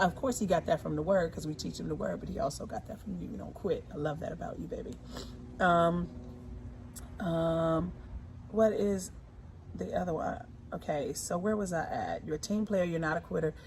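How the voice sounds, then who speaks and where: A woman in her forties, talking casually and warmly about her husband, emphatic and repeating her points. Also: fairly low pitch, animated, normal speed, a little hiss or hum. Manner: emphatic and repetitive, often repeating phrases. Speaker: co-host, singer. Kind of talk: casual heartfelt talk.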